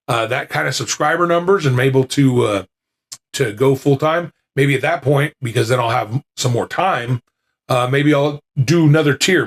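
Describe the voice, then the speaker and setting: A man hosting a podcast, chatting casually to listeners in a rambling way, with lots of fillers and restarts, into a podcasting mic with noise reduction. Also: mid-range voice. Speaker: podcast host.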